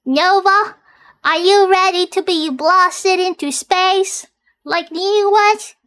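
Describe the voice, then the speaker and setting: High pitched streamer girl, goofy, slow and drawn out, lots of hold up and um. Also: fairly bright tone. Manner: goofy, stalling with fillers and repeats. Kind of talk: casual live stream chat.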